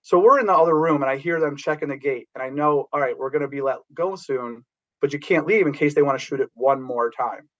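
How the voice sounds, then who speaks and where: A middle-aged man telling rambling, animated anecdotes about working as a background actor, with many restarts. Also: fairly high pitch, brisk, muffled recording.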